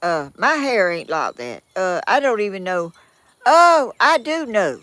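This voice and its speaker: Older southern grandma from georgia, slow easy drawl, voice bounces all over. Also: female voice, medium pitch, very animated, a bit bright, no room sound. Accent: Southern American, Georgia. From southern United States. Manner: rambling, folksy, self-deprecating. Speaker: vlogger. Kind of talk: casual chat reading viewer comments.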